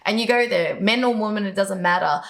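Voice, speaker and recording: In a casual interview, a woman guest talks enthusiastically about networking, telling stories and laughing often. Her mid-range voice is creaky and fairly quick.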